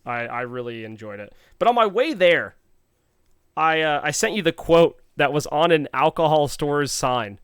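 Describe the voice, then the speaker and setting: A man co-hosts a podcast and spins a playful, animated story. His voice is smooth and clean. The sound is dry, with no room around it. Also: a little high, dry recording. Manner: animated, playful, quotes others in quick bursts. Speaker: podcast co-host. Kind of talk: casual storytelling chat.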